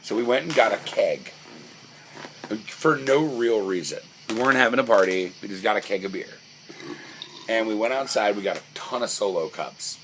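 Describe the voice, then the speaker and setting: A man's voice: on the low side, expressive, normal speed, fairly bright tone, poor audio. Rambling young man telling stories. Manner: rambling storyteller, lots of fillers and restarts. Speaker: podcast co-host. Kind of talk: casual chat. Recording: faint background noise.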